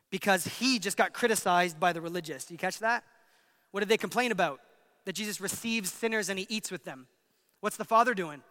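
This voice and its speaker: A man preaching a sermon as pastor, emphatic, swinging between loud passages and hushed ones. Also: sits high, big-room sound.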